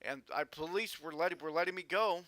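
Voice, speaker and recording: A man vlogging a personal story in an earnest, halting way with frequent restarts. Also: a little high, a bit bright, no room sound.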